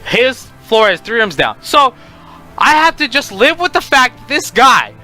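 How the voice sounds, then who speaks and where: A young man telling a casual storytime, animated and profane, with faint music behind him. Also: very high-pitched, a little slow.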